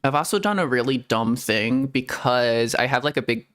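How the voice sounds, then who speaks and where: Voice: mid-range voice, animated, normal speed, a bit bright. A streamer chatting casually on a live stream, giggling between sentences and rambling playfully as they correct themselves. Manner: giggly, laughs between almost every sentence. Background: faint background music.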